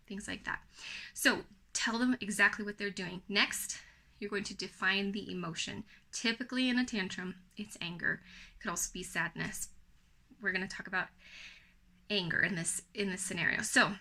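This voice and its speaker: A young adult woman talking straight to camera as a parenting coach, giving firm, even, encouraging step-by-step advice. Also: mid-range voice, normal speed. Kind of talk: talking-head teaching video.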